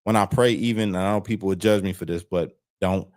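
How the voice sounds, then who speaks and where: A man with a very deep, low voice, talking as a guest over a video call. He tells his story candidly and casually, swearing without hesitation. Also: steady tone, quick pace. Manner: frank and plain-spoken, swears freely. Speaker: interview guest on parole.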